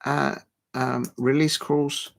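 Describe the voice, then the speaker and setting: Slow, rambling male football streamer. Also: mid-range voice, flat delivery, gravelly. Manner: rambling, halting with many fillers, chuckling often. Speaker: football livestream host. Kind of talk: casual livestream chat.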